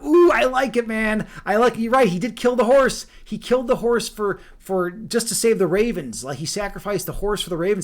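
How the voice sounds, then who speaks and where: Male streamer, high voice, rambly casual chat and read-aloud with viewers. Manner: rambling, repeats words, answers chat. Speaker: livestreamer.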